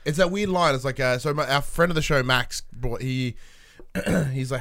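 Rambling young gaming host. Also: male voice, medium pitch, expressive, fairly quick, a bit bright. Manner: rambling, self-deprecating, swears casually. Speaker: podcast host. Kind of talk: casual gaming chat.

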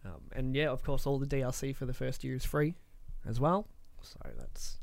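A man's voice: mid-range voice, normal speed, gravelly, dry recording. A young man, co-hosting a casual gaming chat, telling stories with swearing and laughter. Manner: animated storyteller, laughs often, swears casually. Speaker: podcast co-host.

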